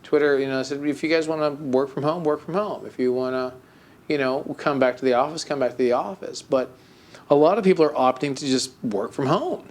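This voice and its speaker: A man's voice: medium pitch, fairly quick, a little mellow. Rambling male podcast co-host. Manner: rambling, with many fillers and restarts; mock-melancholy storytelling. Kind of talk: casual chat.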